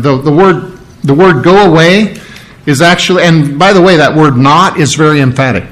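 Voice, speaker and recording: A man preaching a sermon as a pastor, conversational and animated, often asking his listeners questions and joking, with sore ribs. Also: sits high, normal speed. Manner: conversational, animated, asks the audience questions, jokes.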